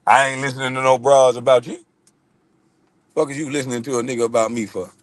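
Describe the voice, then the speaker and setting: A man's voice: medium pitch, steady tone, fast talker, dry recording. A man on a live stream, ranting casually with lots of cursing, laughing and mocking impressions of other people. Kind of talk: profane ranting monologue.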